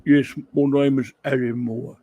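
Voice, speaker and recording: A man putting on a gruff, swearing older English comics writer in a mock English accent, grumbling. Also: mid-range voice, flat delivery, a little slow, warm tone, no echo, close to an everyday voice. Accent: put-on English.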